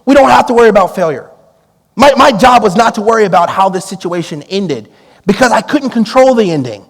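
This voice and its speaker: A man preaching a storytelling sermon, drawing on his time as a police negotiator and acting out the dialogue with lively energy. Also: high-pitched, a little fast, husky, in a large hall. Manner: animated, acts out quoted dialogue with laughs.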